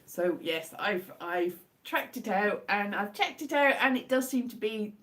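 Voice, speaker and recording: A woman, hoarse from a cold and sore throat, chatting in a rambling, self-deprecating way on a casual live stream from home. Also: mid-range voice, expressive, a little slow, fairly bright tone. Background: her own faint guitar strumming.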